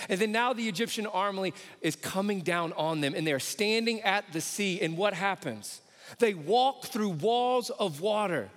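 A man preaching a sermon, telling Bible stories casually and acting out the characters' voices, then dropping low and slow for key points. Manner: animated storytelling, acts out voices of biblical characters. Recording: long hall reverb.

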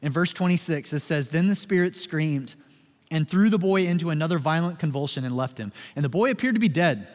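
A man preaching a sermon as pastor, moving from soft, low, slow passages to loud, emphatic ones in a conversational way. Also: lively intonation, long reverb tail.

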